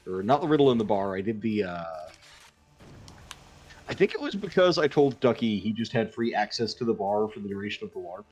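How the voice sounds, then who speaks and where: A man's voice: lowish voice, darkish tone. A man co-hosting a let's play stream, chatting casually and retelling stories with quoted asides. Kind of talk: casual gaming chat. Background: faint game music.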